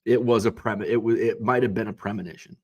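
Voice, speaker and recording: Hoarse, rambling man recapping casually. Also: fairly low pitch, fairly even intonation, fast, darkish tone. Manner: chatty, rambling, many fillers and restarts. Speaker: card show organizer and host.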